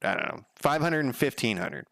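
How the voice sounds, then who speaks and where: A man's voice: medium pitch, lively intonation, a little fast, sharp tone, no room sound, clean studio sound. A man streaming as a game developer, chatting casually at home, rambling through stories, swearing now and then and chuckling often. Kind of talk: casual chat.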